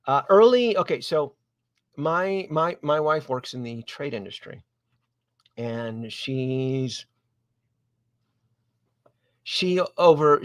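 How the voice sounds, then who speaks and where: A man's voice: medium pitch, dry recording. A man, hosting a live stream, telling a long story in a casual, rambling way with frequent restarts and asides to viewers. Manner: animated, digressive, many restarts and asides to viewers. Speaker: host of a collectibles live stream.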